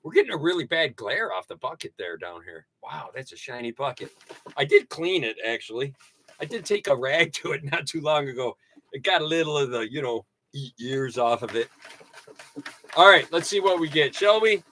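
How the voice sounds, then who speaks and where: A man hosting a casual livestream, chatting in a loose, rambling way. His voice is bright and slightly high, and he keeps poking fun at himself. Now and then he breaks into excited high yelps and laughter. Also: moderate pace, slight background noise. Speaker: livestream host.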